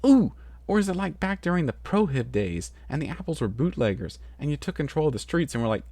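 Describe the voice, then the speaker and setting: A man voicing a bubbly, excitable young female pony who rambles in a high, giddy voice in a storybook reading. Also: fairly quick, dry recording.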